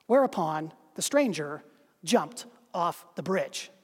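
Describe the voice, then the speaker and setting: A preacher telling a parable as part of a sermon, with slow, dramatic pauses and a voice that drops low at the ends of lines. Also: expressive, slightly rough, long reverb tail. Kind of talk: sermon storytelling.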